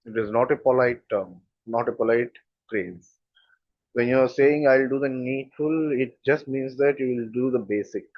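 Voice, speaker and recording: A man's voice: medium pitch, normal speed, dry recording. A man from India teaches an online communication lesson in Telugu-influenced Indian English. He explains points step by step and keeps checking in with rhetorical questions. The recording is dry and slightly dull, like a close lo-fi mic.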